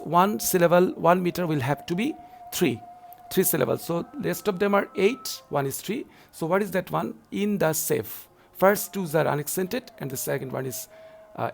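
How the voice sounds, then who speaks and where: Middle-aged male lecturer, slightly high, gravelly voice, measured teaching delivery. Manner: slow deliberate explaining, loud stressed verse recitation. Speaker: university English lecturer. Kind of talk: recorded online lecture.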